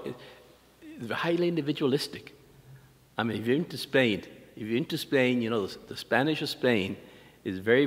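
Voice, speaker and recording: An older man, a priest giving a lecture, speaks in a mid-range voice. He tells stories loosely, with many fillers, restarts and soft chuckles. His voice rings with the long reverb of a lecture hall. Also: medium pitch. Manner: anecdotal, warm chuckles, frequent restarts and "uh" fillers. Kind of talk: storytelling lecture.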